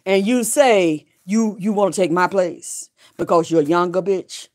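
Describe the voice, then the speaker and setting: A woman's voice: on the low side, measured pace, a little mellow. A middle-aged woman ranting on a livestream, defiant and profane, hammering her points home with repeated emphatic declarations. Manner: defiant, swearing, preaching.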